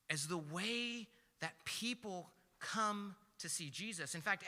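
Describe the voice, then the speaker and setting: A young man preaches in a loose, chatty way, telling stories and tossing in quick asides. His voice is very bright and sits a little high. It rings out with a long hall reverb over faint music. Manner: chatty, storytelling, with many "like" and "right?" asides. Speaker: preacher at a young adults service. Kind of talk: casual conversational sermon. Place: church hall.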